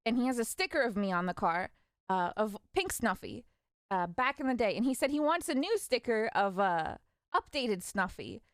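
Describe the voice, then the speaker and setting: Young female streamer, lively, mimics family members, bright upper register, dry booth sound. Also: fairly high pitch, moderate pace, no echo. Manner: animated, laughing, quotes parents in voices. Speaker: vtuber streamer. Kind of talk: casual storytelling.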